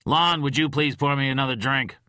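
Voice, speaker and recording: A man's voice: medium pitch, fairly quick, bright, forceful tone, clear, resonant tone, no echo, clean studio sound, voice pushed up, close to an everyday voice. A man voicing a bitter, paralyzed male detective who snaps sarcastic demands in an audiobook. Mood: demanding. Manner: snappish, sarcastic.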